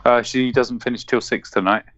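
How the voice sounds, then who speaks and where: A man's voice: mid-range voice, moderate pace, muffled recording. A man co-hosting a casual stream, trading dry jokes with the host. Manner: wry, lively banter. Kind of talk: casual live-stream chat.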